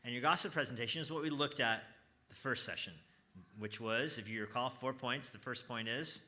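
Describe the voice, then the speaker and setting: A man's voice: mid-range voice, a little fast, bright, forceful tone. A man teaching an evangelism class at church, talking conversationally, quizzing his students and stressing key points earnestly.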